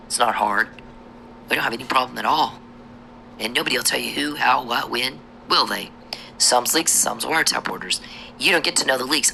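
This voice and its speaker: Gravelly, sharp-voiced woman ranting angrily. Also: very deep voice, slight background noise, poor audio. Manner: profane, accusatory ranting that drops to a hushed whisper. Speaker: vlogger. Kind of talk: angry monologue to camera.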